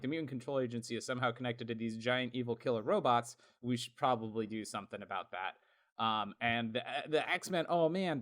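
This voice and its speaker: A chatty man co-hosting a podcast, talking in a loose, unscripted way with plenty of "like" and "um." His voice sits at a middle pitch, and he breaks into laughter easily as he tells his story. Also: fairly bright tone. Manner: chatty, laughs often, lots of fillers. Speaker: podcast co-host. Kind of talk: casual podcast chat.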